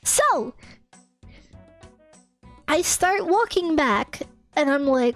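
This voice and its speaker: A young woman streamer telling a story in an animated rant, giggling, exasperated and swearing casually. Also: sits high, takes it slowly. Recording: faint music behind.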